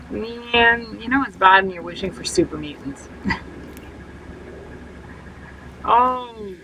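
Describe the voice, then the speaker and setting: A woman's voice: mid-range voice, sharp tone, slight background noise, low-quality recording. A woman streaming a game live and chatting to her viewers, self-mocking and full of exclamations. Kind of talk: live gameplay commentary.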